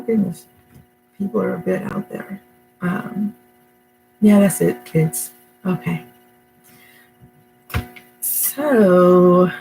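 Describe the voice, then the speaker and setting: A woman's voice: lowish voice, creaky, darkish tone, low-quality recording. Chatty emotional middle-aged woman vlogging at home. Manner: chatty, emotional, many fillers and restarts. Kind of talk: casual rambling monologue to camera. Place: her home, indoors.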